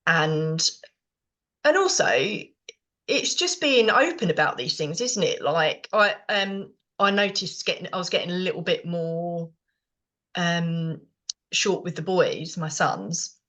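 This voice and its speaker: A woman's voice: fairly low pitch, animated, slow, a bit bright. Middle-aged British woman, rambling podcast co-host, lots of ums and restarts. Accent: British English. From Britain. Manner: rambling, many fillers and restarts. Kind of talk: casual chat.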